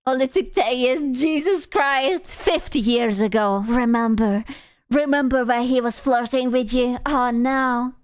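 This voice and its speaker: Reading comments on her stream, a woman chats casually, cursing freely and reacting with big laughs and mock outrage. She speaks slowly in a high voice with fairly even intonation, and the sound is dry and clean, studio grade.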